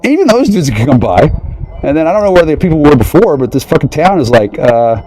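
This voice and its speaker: A man in a rambling, profane monologue who keeps breaking into mocking high voices. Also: sing-song, fairly quick, crowd noise, rough recording.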